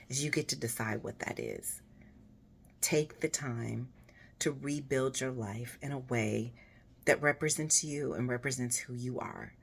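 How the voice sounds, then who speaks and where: A woman with a husky, raspy, hoarse voice talks casually and encouragingly to her viewers in a personal, unhurried way. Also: rumbling low, slight background noise. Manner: warm, personal, unhurried with fillers. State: hoarse after voice surgery. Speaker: vlogger.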